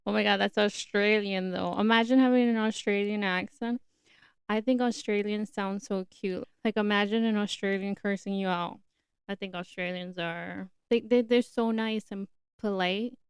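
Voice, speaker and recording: A young woman hosts her podcast in a chatty, opinionated run of talk. Her voice is smooth and clear at a middle pitch. The recording is close and dry. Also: steady tone, moderate pace, no echo. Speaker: podcast host. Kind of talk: casual solo podcast talk.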